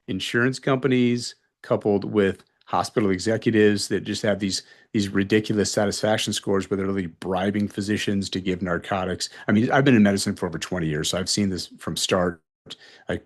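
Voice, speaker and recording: A man in his forties, an emergency physician guest on a podcast, telling blunt and animated stories and acting out the exchanges. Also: low voice. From North Carolina. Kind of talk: podcast interview storytelling.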